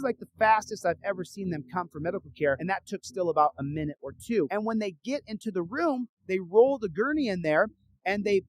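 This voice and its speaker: A man telling a story in a casual, animated way, acting out the dialogue. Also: sits high, dry recording, low-quality recording. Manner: animated, acts out dialogue with rising urgency.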